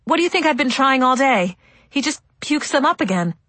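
A woman's voice: mid-range voice, normal speed, a bit bright, breathy edge, no room sound. A woman voicing a frantic young mother who pleads urgently, her voice shaking, in an audiobook. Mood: arguing.

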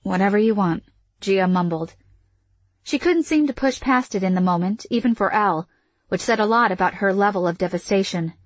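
A woman narrating a novel in a measured, even storytelling manner. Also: mid-range voice, dry recording. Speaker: audiobook narrator. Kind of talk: scripted fiction narration.

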